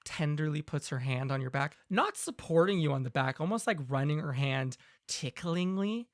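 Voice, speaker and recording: A man narrating a tabletop game as game master in a measured, descriptive way. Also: fairly high pitch, expressive, no room sound, clean studio sound.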